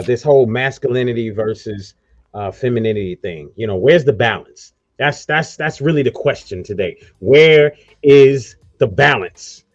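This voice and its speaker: A man's voice: medium pitch, no room sound, dull audio. A man hosting a casual online radio talk show, rambling loosely through promos and introductions. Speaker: host.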